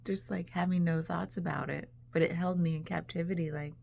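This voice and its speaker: Woman vlogger, casual rambling reflection, heavy vocal fry, lower pitch. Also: steady tone, fairly quick, darkish tone, a little hiss or hum. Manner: rambling, chatty, laughs often, many "like"s.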